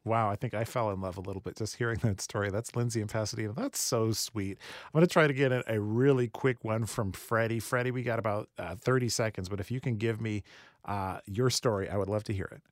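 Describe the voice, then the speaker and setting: A man hosting a radio call-in show, moving briskly between callers. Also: fairly low pitch, fairly even intonation, no room sound, studio quality. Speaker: radio host. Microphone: studio microphone.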